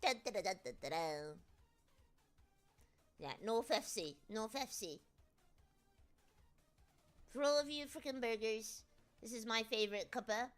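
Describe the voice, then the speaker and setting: A woman's voice: fairly high pitch, animated, measured pace, long pauses, faint music behind. A woman with a British accent chatting casually on a livestream, teasing her viewers with jokey banter and frequent restarts. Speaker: VTuber streamer.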